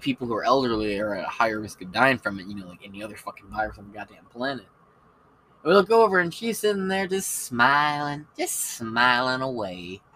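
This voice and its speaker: A man with a bright, sharp voice holds forth on his podcast in a loose, cursing ramble. His delivery is casual and opinionated over a faint hiss. Each point sounds sure of itself. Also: mid-range voice, rough recording. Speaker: podcast host. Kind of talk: casual monologue.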